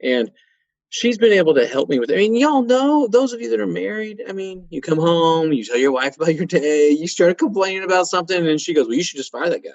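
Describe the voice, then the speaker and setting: A man's voice: high-pitched, fairly quick, no room sound. Folksy man, muffled dry sound. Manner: animated, folksy, laughs while telling stories. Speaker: guest, auto repair shop owner. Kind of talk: conversational interview storytelling.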